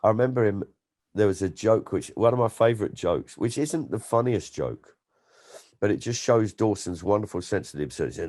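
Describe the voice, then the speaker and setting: Deep-voiced animated male storyteller. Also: fairly quick. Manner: animated storyteller, slips into impressions. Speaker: comedian and guest. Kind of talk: casual interview chat.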